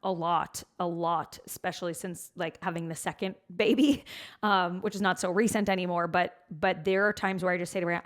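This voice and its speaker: A woman's voice: fairly low pitch, fairly even intonation, moderate pace. A woman co-hosting a podcast, chatting candidly and poking fun at herself. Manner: candid, self-deprecating storyteller, acts out quotes. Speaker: podcast co-host. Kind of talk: casual chat.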